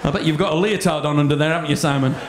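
A man's voice: a little high, fairly even intonation. A man doing stand-up in a theatre, teasing a volunteer from the audience. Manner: teasing, quick ribbing of a volunteer. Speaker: stand-up comedian and magician. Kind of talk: live stand-up comedy with audience banter. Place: large theatre stage. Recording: live theatre show with audience laughter.

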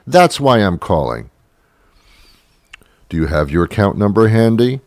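A man's voice: mid-range voice, animated, normal speed, a little mellow, dry recording. A man hosting a comedy show, delivering an exasperated, sarcastic rant in a dry close recording. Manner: exasperated, sarcastic, mimics voices. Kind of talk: comic rant monologue.

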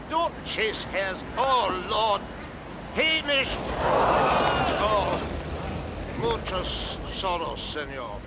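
A man playing an eccentric Scottish golf coach with a Scottish accent, shouting after his dog in a comedy sketch. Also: high voice, gravelly, very noisy, heavily acted. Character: eccentric Scottish male golf pro, cranky and boastful.

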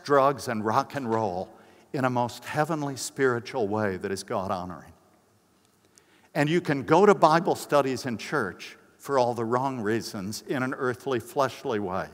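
An older American pastor preaches conversationally at a conference, recorded with the long reverb of a large hall. He tells personal stories and acts out quoted voices with big pitch jumps.

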